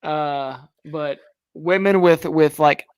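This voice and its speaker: A man co-hosting a live talk show, chatting in a relaxed, hesitant way and chuckling along. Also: a little high, slow pace, smooth, no room sound. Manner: laid-back, hesitant, chuckling. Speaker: co-host. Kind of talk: casual chat.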